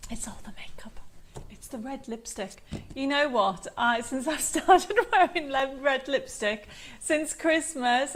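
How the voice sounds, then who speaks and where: A woman's voice: high voice, fairly bright tone. A chatty woman hosting a live craft show, bubbly as she rambles through greetings and reads out viewer comments. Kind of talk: live-stream chat reading viewer comments. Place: home studio.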